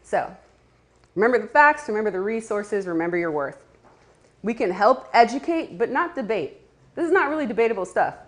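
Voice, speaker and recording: A woman's voice: medium pitch, lively intonation, fairly quick. A woman giving a casual talk to a live audience, chatty, with laughing asides and many fillers. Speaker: community speaker.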